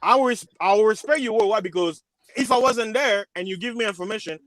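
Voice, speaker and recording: High-voiced man arguing in rambling loops. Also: brisk, fairly bright tone, no echo. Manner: rambling, repeats and restarts, argues with examples. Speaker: panelist. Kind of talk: panel debate.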